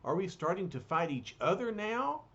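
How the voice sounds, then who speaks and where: An earnest young male hero from a comic, read aloud by a man. His pleading lines come in a raised, lively voice. The sound is dull and lo-fi. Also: high-pitched, normal speed, a little hiss or hum, voice pushed up, heavily acted.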